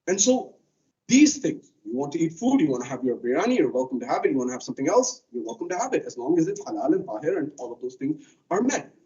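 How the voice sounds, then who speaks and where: A man's voice: a little high, big pitch swings, fast, dark tone, far from the mic, dull audio. A man giving a conversational Muharram sermon, telling stories and acting out quotes. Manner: conversational, storytelling with acted quotes. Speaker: speaker at a religious center.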